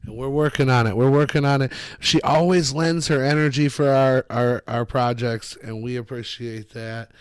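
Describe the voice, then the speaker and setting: A man's voice: medium pitch, fairly even intonation, moderate pace, hardly any pauses, clear, resonant tone, dry recording. A man co-hosting a casual podcast in an easygoing, agreeable way, steering the talk to new topics. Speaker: podcast co-host.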